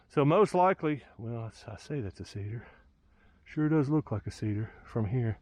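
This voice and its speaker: A man's voice: mid-range voice, a little mellow, no room sound. A man, thinking aloud with lots of fillers as he films a walk through the woods. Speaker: hiker vlogger. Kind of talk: casual walking commentary. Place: outdoors in woods by a lake.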